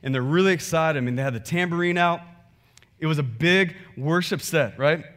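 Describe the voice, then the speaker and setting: A man preaching a sermon, conversational and animated, reading scripture and acting out churchgoers. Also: fairly high pitch, normal speed. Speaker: pastor.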